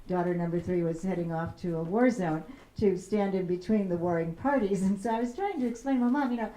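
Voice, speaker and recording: A middle-aged woman from Chicago giving a public talk as a peace activist. She tells stories in a measured way and slows down to stress key phrases. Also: fairly low pitch, dark tone. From Chicago, USA. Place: lecture room. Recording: roomy hall echo.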